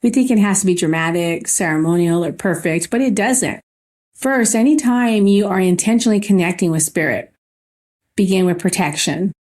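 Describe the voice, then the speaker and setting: A woman hosting a spiritual podcast, telling a personal story in an earnest, gently emphatic way. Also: lowish voice, moderate pace. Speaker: podcast host.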